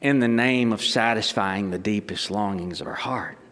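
A man's voice: lowish voice, moderate pace, a bit bright, long reverb tail. A middle-aged man, a pastor, delivering a sermon emphatically, with rhetorical questions and restarts.

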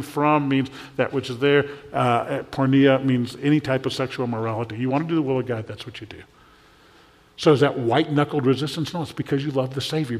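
A man preaching a sermon as pastor, conversational and asking his congregation questions. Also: mid-range voice. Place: church. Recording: long hall reverb.

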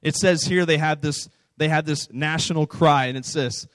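A man's voice: a little high, moderate pace, a bit bright, dry recording. Casual, chatty male preacher with a dry sound. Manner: conversational, informal, asks the audience questions. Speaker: preacher speaking to a youth camp audience. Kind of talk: sermon.

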